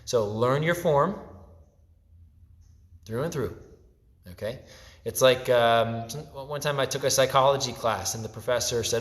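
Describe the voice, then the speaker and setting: A man's voice: medium pitch, measured pace, pauses often, a bit bright. A male taekwondo instructor teaching a class in a casual, chatty way, often checking in with "okay?", recorded on a phone that someone else is holding. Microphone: phone camera held by a helper. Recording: echoey hall, long reverb.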